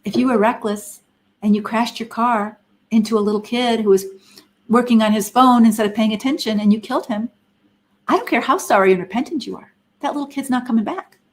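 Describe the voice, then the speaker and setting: A middle-aged woman, a Christian counselor and speaker, gives an earnest, emphatic teaching talk on a live stream. Her fairly high voice is brisk, and she asks lots of rhetorical questions.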